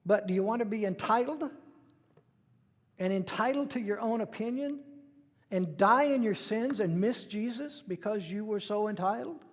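A man's voice: high voice, moderate pace, in a large hall. A middle-aged man preaching a sermon in a conversational way, acting out the voices he quotes. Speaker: pastor.

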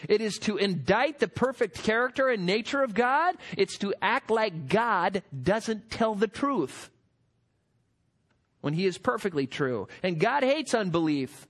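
A man preaching a sermon, emphatic and building to forceful peaks. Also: sits high, animated, a little slow. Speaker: pastor.

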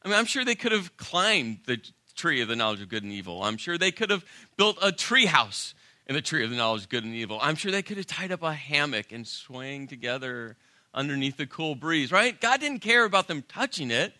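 A pastor preaches a sermon with emphatic, animated energy and dramatic pauses. His fairly high voice has a very bright, forceful edge, and the recording is dry and close with no echo.

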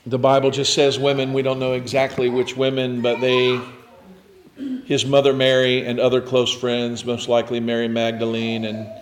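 A man with a mid-range voice preaches a sermon, retelling scripture as reflective storytelling and often sinking to a near hush. His delivery is completely flat, at a moderate pace.

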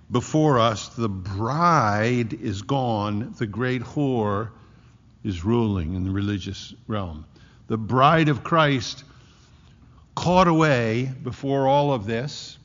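A man preaching a sermon, emphatic, slowing down to stress key words. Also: mid-range voice, vocal fry. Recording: muffled hall recording with long echo.

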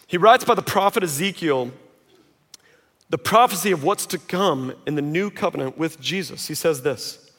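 Male pastor, high-pitched, casual and joking from the pulpit, recorded in a big reverberant auditorium. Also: normal speed. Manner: conversational, self-mocking, animated quoting. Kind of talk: sermon. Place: large auditorium. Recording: long reverb of a large hall.

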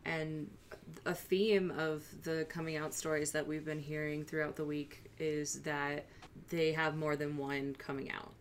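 A woman with a low voice hosts a podcast conversation. She leads the discussion clearly and supportively, introducing topics and asking her guest questions. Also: flat delivery, unhurried, slight background noise. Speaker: podcast host.

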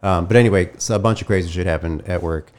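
A man's voice: sits low, fast, a little mellow. A man co-hosting a comedy podcast, chatting casually with playful, ironic asides. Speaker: podcast co-host.

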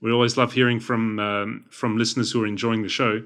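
An Australian man co-hosting a relaxed podcast, his voice bright and a little tense. He wanders through his thoughts in easygoing chat, often poking fun at himself. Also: fairly low pitch, fairly quick. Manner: meandering, self-deprecating talk. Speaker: podcast co-host. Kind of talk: casual chat.

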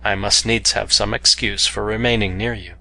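A man reading the part of a young cave woman in love, speaking softly and quietly, at times in a whisper. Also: fairly low pitch, fairly even intonation, moderate pace, vocal fry, exaggerated voice. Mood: tender. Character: young cave woman, proud, tender and loving.

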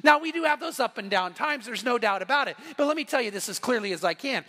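A man's voice: very high voice, lively intonation, fast, pushed and bright. A man in his sixties preaching a passionate sermon, emphatic and repeating phrases for emphasis. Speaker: pastor. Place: church sanctuary. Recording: long hall reverb.

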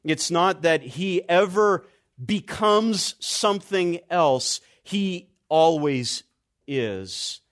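This expository sermon comes from a man with lively intonation. He places deliberate stress on key words, and his voice sinks low and soft as phrases close.

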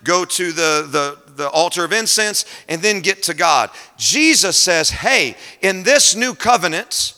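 A man preaching a sermon at a conference, moving between quiet scripture reading and loud, emphatic storytelling. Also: a little high, gravelly. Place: large conference hall. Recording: long hall reverb.

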